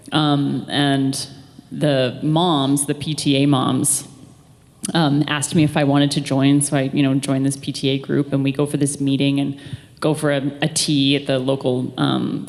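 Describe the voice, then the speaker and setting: Chatty woman on a convention stage. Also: a bass voice. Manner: chatty, warm storytelling with fillers. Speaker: panel guest. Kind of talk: convention panel storytelling. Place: large convention hall. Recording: echoey hall from far off.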